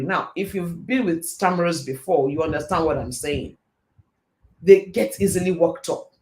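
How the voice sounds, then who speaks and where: Middle-aged man, show host, motivational faith talk, quick animated storytelling. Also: high voice.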